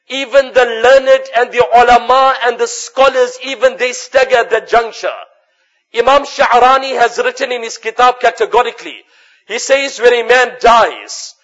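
A man's voice: extremely high pitch, fairly bright tone. A man preaching an earnest sermon, telling stories and reciting Arabic narrations. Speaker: Islamic preacher. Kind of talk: sermon with storytelling. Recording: dull lo-fi recording.

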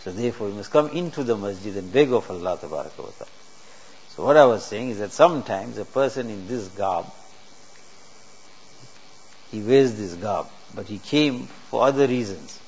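This preacher's voice is fairly low, husky and a little mellow, with lively intonation and a moderate pace. Preaching earnestly in a mosque, he teaches the congregation through rhetorical questions, and the recording is dull and lo-fi with faint hiss.

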